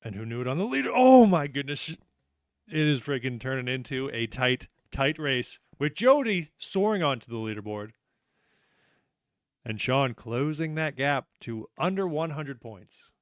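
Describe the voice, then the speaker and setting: A man's voice: mid-range voice, big pitch swings, unhurried, no echo, clean studio sound. A man hosting a live trivia night, upbeat and joking, reading out questions and answers and teasing the players. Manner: upbeat, joking, self-deprecating.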